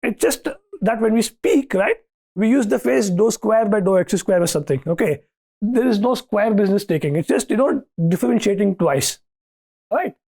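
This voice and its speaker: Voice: mid-range voice, lively intonation, normal speed, gravelly, mellow. A lecturer giving a university lecture, thinking aloud with restarts and often asking "okay, right?" to check that students follow.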